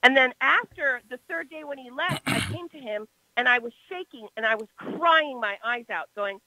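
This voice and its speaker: A woman telling a personal story on a talk show in a casual, animated way. Her voice swings between loud and soft. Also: high voice, normal speed, no echo, rough recording.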